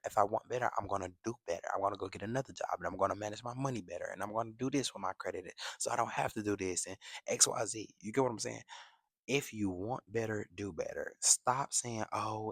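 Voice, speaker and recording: A man's voice: lowish voice, creaky, no echo. A young man in a casual vlog monologue, giving emphatic, slang-filled life advice straight to the camera. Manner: emphatic, streetwise slang, rhetorical "you get what I'm saying". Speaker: vlogger.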